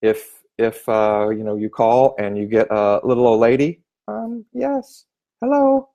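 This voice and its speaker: Male sales trainer, lively, acts out callers mid-talk. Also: on the low side, moderate pace. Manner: animated, acts out phone voices. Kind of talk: spoken training tip.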